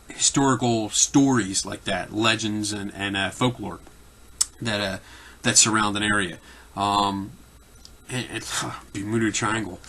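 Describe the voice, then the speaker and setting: A man's voice: fairly low pitch, bright, forceful tone. A man with a Philadelphia accent talks casually and off the cuff as a host answering viewer questions, rambling with many fillers and restarts.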